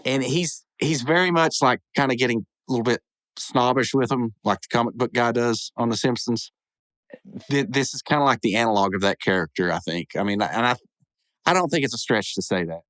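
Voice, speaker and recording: A man's voice: mid-range voice, brisk, a bit bright, no echo. Rambling man recapping a cartoon. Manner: rambling, chuckling asides. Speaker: podcast host. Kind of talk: casual episode recap.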